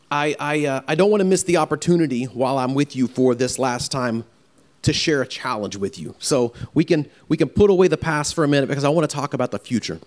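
A man preaching a farewell sermon in an earnest, halting way, often repeating words as he speaks. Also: on the high side. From Louisiana. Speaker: pastor.

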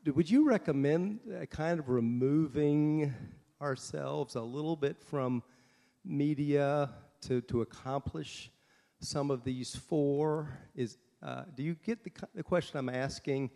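Male audience questioner, slow and deliberate, warm dark tone, hall reverb. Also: a little high, gravelly. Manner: slow, deliberate, searching for words. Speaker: audience member asking a question. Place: conference hall.

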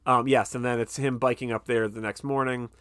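A man's voice: brisk, clean tone, no echo. A man co-hosting a podcast, recapping a film in casual chat, swearing freely and acting out characters. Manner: animated, swears freely, acts out characters in a high squeaky voice. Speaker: podcast co-host.

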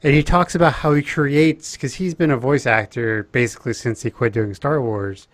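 A man's voice: mid-range voice, steady tone, normal speed, no echo. A man from Texas chatting casually on a writing podcast, rambling and enthusiastic, with plenty of asides. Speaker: podcast co-host. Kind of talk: casual chat.

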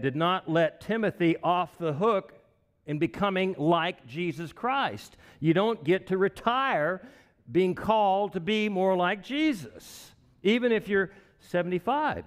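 Sixty-something preacher in a reverberant hall. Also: male voice, sits high. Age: 60s. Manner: conversational, anecdotal, chuckling asides. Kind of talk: sermon.

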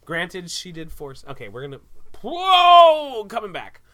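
A woman with a low voice that swings widely in pitch and has a bright, forceful edge. She talks casually and cracks sarcastic, teasing jokes, swearing freely. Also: expressive, normal speed. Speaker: podcast co-host. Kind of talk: casual chat.

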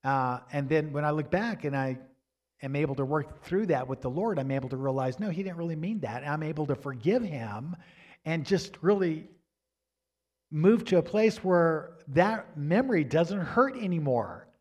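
A man's voice: on the high side, lively intonation, moderate pace, darkish tone. A middle-aged man giving a sermon, telling a personal story conversationally, with restarts and asides to the congregation. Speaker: pastor.

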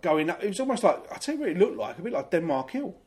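A man's voice: sits high, big pitch swings, quick pace, darkish tone. Chatty middle-aged man swapping stories. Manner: chatty and anecdotal, lots of yeahs. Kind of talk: casual comedic chat.

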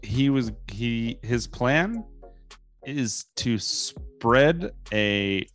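Guy hosting a podcast chat, mid pitch, talks fast, trips over his words. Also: lively intonation, a bit bright, soft background music. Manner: directs the group, quick, repeats himself. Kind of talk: casual chat.

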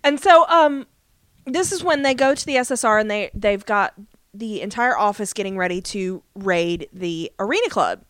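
A woman co-hosting a podcast retells a story in a relaxed, rambling way, full of ums and asides. Her voice is smooth and clear at an ordinary pitch. The recording is close and dry, with no room sound. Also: moderate pace, no echo. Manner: chatty storytelling with many fillers. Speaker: podcast co-host. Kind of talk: casual episode recap.

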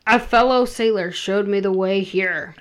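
A woman voicing a young woman disguised as a sailor lad, pushing her voice lower and speaking earnestly. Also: measured pace, natural voice. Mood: careful.

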